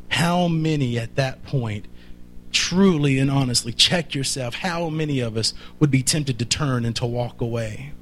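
A man's voice: fairly high pitch, moderate pace, slight background noise. A man preaching a sermon, emphatic and full of repeated rhetorical questions.

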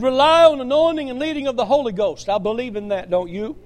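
A man's voice: very high-pitched, fast talker, hardly any pauses. A man preaching a sermon as pastor, emphatic and punctuated with frequent amens and praise interjections.

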